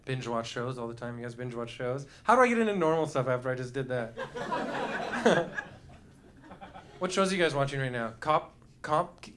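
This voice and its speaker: A man's voice: medium pitch, fairly bright tone. A young man doing loose stand-up comedy on a club stage, rambling goofily and riffing with the audience. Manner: goofy, rambling, jumps into silly voices.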